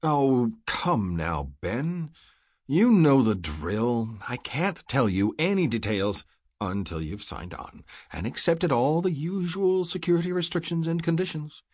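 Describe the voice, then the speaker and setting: A man playing a brisk, persuasive recruiter. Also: mid-range voice, big pitch swings, no echo, clean studio sound, voice pushed up. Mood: coaxing.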